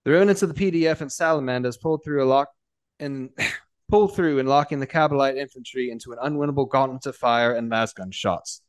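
A man narrating a scripted story in a steady reading voice, with small stumbles and restarts. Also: mid-range voice, no room sound.

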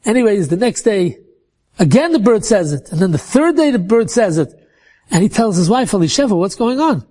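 A man telling a religious story in an animated way, often repeating words as he restarts. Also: high-pitched, brisk, breathy edge.

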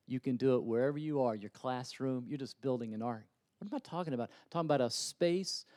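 A middle-aged man, a pastor, preaching a sermon in a church, swinging from loud, urgent appeals to quiet, conversational storytelling. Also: mid-range voice, dry recording, studio quality. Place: church sanctuary.

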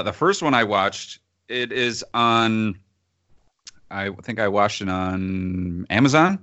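A man's voice: mid-range voice, a bit bright, no room sound. A man in casual chat, co-hosting and reviewing films, sardonic and often laughing between phrases. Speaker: podcast co-host reviewing films.

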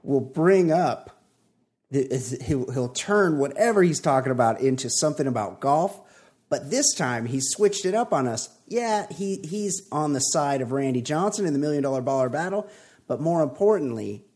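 Husky-voiced joking podcast host man. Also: fairly high pitch, expressive, moderate pace, darkish tone. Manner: playful, reads listener messages with mock drama. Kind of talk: casual comedic chat.

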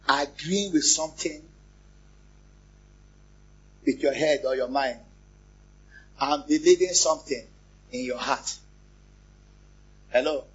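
A pastor, preaching a lively sermon, repeating phrases and joking with the congregation. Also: male voice, on the high side, husky. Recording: muffled, lo-fi church recording.

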